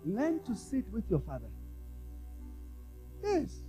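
A man preaching a sermon to a congregation in call-and-response style. He drops to quiet, low asides and then rises to loud exhortation. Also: huge pitch swings, takes it slowly, pauses often, faint music behind, rough recording. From South Africa. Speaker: apostle preaching.

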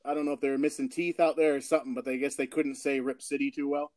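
A man from Portland hosting a casual interview, telling animated stories and laughing often. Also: medium pitch, quick pace, dry recording. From Portland, Oregon. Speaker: host.

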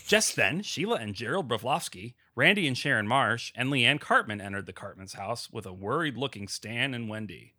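Dry-voiced man, deadpan narrator. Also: mid-range voice, normal speed, hardly any pauses, no echo. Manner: stumbles over names, dry deadpan narration. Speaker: podcast co-host reading fan fiction aloud. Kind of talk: casual comedic reading and chat.

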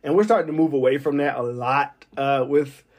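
A man's voice: medium pitch, brisk. A man who works as a military weather forecaster, talking in a loose, rambling monologue full of fillers and uneasy laughs. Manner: rambling, digressive, many fillers. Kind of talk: casual monologue.

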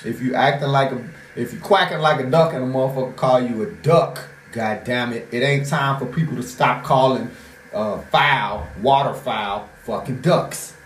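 A podcast host with a medium-pitched voice talks at normal speed in a loose, rambling monologue packed with profanity, casual and conversational. The recording carries a roomy echo and a little hiss or hum.

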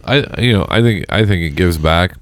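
A man with a very low voice chats casually, rambling and joking with frequent swearing. The sound is dry and close. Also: lively intonation, normal speed, dry recording. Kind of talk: casual chat.

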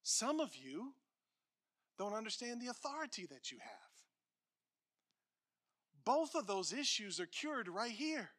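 A man preaching as a pastor, emphatic and repetitive, swinging between loud declarations and hushed lines. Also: high-pitched, big pitch swings, a little slow, long pauses. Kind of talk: sermon.

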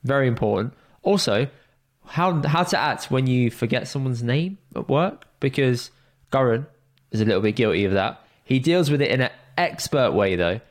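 A man co-hosting a podcast, running the intro and teasing his co-host in a brisk, blunt way. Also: mid-range voice, lively intonation. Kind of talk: casual chat.

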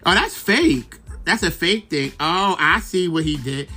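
A man's voice: on the high side, expressive, a little slow, bright, forceful tone, slightly rough, faint music behind. Chatty profane Brooklyn man gossiping. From Brooklyn, New York. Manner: chatty, profane, rambling with many fillers. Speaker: podcast host. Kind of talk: casual gossip monologue.

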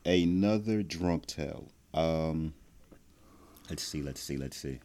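A man's voice: extremely low pitch, slow, dark tone. A man telling a story on a podcast, laid-back and hesitant, with lots of ums. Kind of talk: casual storytelling.

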